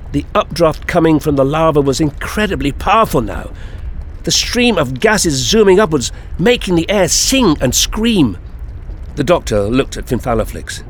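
Expressive male storyteller, faint hum. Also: a little high. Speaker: narrator. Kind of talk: audiobook fan-fiction reading.

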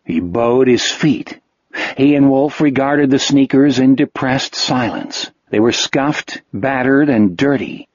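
A man narrates an audiobook in a steady, measured way, his mid-pitched voice slightly husky. The recording is dry, close and a bit dull in the highs. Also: dry recording. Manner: measured storytelling. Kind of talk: scripted narration.

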